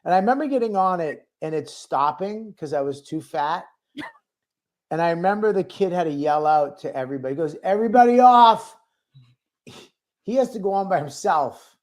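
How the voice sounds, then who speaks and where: A man's voice: fairly high pitch, expressive, a little fast. Crude, rambling male comedian storyteller. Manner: rambling, crude and self-mocking. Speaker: comedian guest. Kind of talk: casual comic storytelling.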